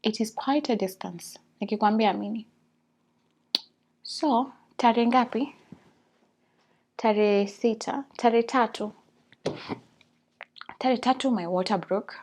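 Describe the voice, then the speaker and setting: A woman's voice: on the high side, unhurried, long pauses. A woman with a Kenyan accent, casually telling a personal story to her vlog audience and moving freely between English and Swahili. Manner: animated, mixes English and Swahili. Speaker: vlogger.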